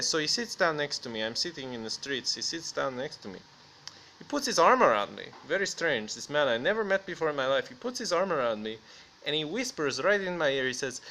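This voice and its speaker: A man's voice: mid-range voice, animated, normal speed, sharp tone, slight background noise. A man rambling through crude, absurd jokes and laughing at his own punchlines. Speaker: comedy video host.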